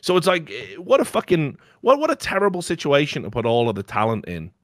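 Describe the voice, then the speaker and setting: A man's voice: a little high, sing-song, a little fast, no room sound, clean studio sound. A man on a podcast in casual, opinionated chat, ranting bluntly and swearing freely. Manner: blunt and profane, heated ranting. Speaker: podcast host.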